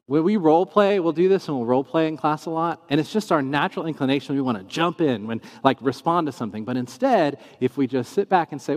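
A man teaches in a casual, conversational way, acting out the questions and replies he quotes. His voice sits a little high and swoops up and down a lot. It rings out with a long reverb, as if he is in a big hall. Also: a little fast. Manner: animated, acts out quoted questions in shifting tones. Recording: long reverb in a large room.

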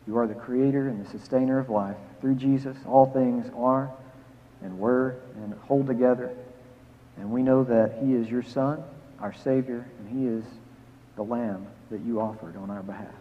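A man pastor reading scripture, preaching and leading a prayer, emphatic on key phrases and dropping soft to pray. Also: mid-range voice, fairly even intonation, normal speed. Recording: phone-like sound with long hall reverb.

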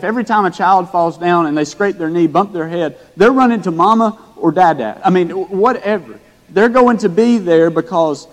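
A man preaching a storytelling sermon, animated and folksy, with frequent restarts. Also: fairly high pitch. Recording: echoey hall.

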